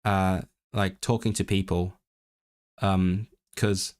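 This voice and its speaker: A man's voice: deep voice, slow, clean tone. A man livestreaming casually about learning languages, thinking aloud with many restarts, reading chat and trying out learner's Welsh. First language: English. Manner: switches into learner's Welsh with lively intonation. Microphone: desk microphone.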